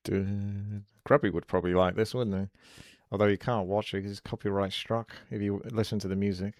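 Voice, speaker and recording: A man's voice: lowish voice, steady tone, quick pace, no echo. A man giving casual, chatty commentary on a live game stream, musing aloud and often saying "like".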